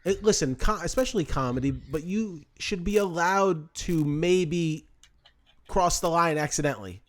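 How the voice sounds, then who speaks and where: Male co-host, comedian, fairly high voice, rambling casual talk. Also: normal speed. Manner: rambling, heavy use of "like". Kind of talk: casual chat.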